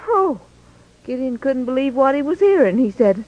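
A woman telling a Bible story in an expressive, folksy way. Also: high voice, moderate pace, dry recording, dull audio.

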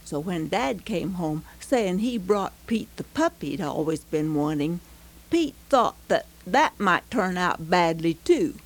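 A woman reading a heartfelt story aloud, slow and expressive. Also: on the low side, rough recording. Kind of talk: scripted story narration.

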